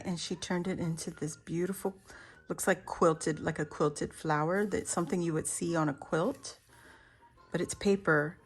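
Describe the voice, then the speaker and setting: A woman's voice: lowish voice, fairly even intonation, normal speed. Gushing woman unboxing craft mail. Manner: gushing, exclaims and gasps often, laughs between lines. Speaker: crafting YouTuber.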